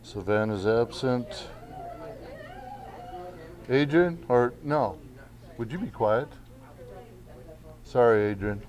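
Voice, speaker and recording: A man's voice: medium pitch, a little mellow, muffled recording. A male teacher giving a class lesson in a casual way, often checking in with "okay". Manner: slow, casual, keeps saying okay. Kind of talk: classroom instruction.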